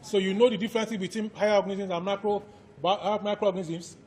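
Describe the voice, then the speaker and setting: A man with a Nigerian accent, lecturing a class and slowly repeating each point for students to write down. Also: high-pitched, steady tone, darkish tone, slight background noise. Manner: quizzes students directly. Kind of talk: classroom lecture, dictating notes. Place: lecture hall.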